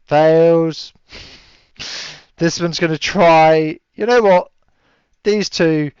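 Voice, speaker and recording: A man's voice: a little high, drawn-out words, a little mellow, clean tone, no room sound. A man running a tabletop game as game master, chatty and laughing often, with lots of fillers. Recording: dull lo-fi audio.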